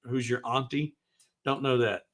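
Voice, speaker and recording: A man's voice: medium pitch, flat delivery, measured pace, fairly bright tone. A man with a Southern US accent hosting a casual woodworking livestream, talking in a rambling, friendly way with many restarts. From American South. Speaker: livestream host.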